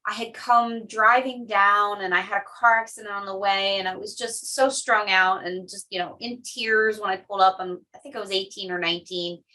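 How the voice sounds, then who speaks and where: Chatty woman host, bright and off-mic. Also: mid-range voice, fairly even intonation, moderate pace, hardly any pauses, far from the mic, rough recording. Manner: chatty storyteller, laughs often. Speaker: podcast host. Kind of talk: casual chat.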